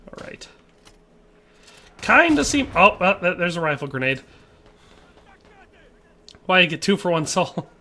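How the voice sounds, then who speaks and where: A man from Wisconsin, USA streams a game, rambling casually, cracking jokes, and reading the chat aloud. His high-sitting voice swings widely in pitch and sounds pushed and bright, moving at a measured pace with frequent pauses over slight background noise.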